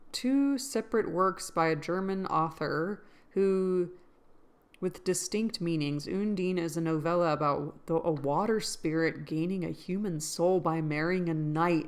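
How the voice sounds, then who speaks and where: A woman with a fairly low speaking voice hosts a casual read-aloud. She rambles and thinks aloud between passages, often stopping to correct herself. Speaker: channel host reading a novel aloud.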